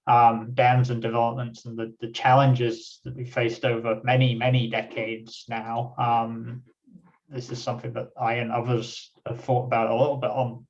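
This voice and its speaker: Hoarse male webinar moderator, flat and hesitant, distant dull lo-fi call audio. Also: mid-range voice. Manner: hesitant, many fillers and restarts. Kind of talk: hosting a webinar discussion. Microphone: video call.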